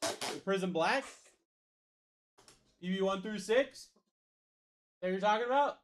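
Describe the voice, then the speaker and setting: A man's voice: high-pitched, lively intonation, slow pace, background noise. A man hosting a live card break stream, calling out picks and chatting casually. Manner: calls out picks, hypes spots.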